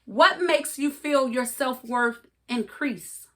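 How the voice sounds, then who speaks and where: Bright, high-voiced woman giving pep talk. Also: slow pace. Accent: regional accent. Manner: earnest, coaching, laughs often. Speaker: podcast co-host. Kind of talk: casual motivational chat.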